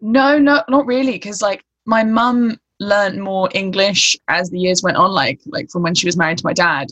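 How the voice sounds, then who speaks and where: A woman's voice: medium pitch, moderate pace, a bit bright. Chatty young woman asking questions. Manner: curious questioner, laughs easily, chatty with "like" fillers. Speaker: interviewer. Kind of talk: casual conversation.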